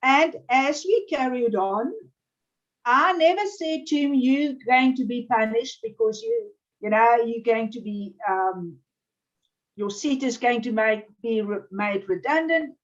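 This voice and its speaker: A woman telling a deliberate anecdote in a casual online chat. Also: fairly high pitch. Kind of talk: casual storytelling. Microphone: video call. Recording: dull lo-fi sound.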